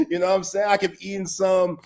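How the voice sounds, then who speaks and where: On this casual livestream, a male sports talk host speaks with a high voice in a level tone at normal speed. His delivery is earnest yet rambling, peppered throughout with street slang.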